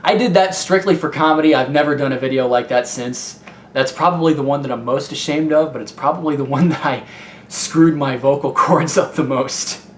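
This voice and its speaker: This young man from Ohio, a gaming YouTuber with a Midwestern American accent, answers viewer questions in a casual Q&A vlog. His voice sits on the high side at a normal pace, and he rambles candidly with plenty of fillers. The room is echoey, with faint noise.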